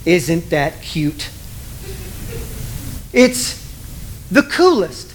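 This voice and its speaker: A man preaching a sermon, animated and self-deprecating, acting out the voices he quotes. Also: sits high, normal speed, slight background noise. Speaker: pastor.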